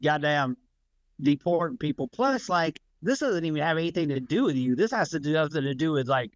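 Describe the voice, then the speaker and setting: A man's voice: fairly high pitch, animated, a little fast, no room sound. A man co-hosting a podcast in casual political chat, rambling and swearing often as he loses and finds his thread. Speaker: podcast co-host.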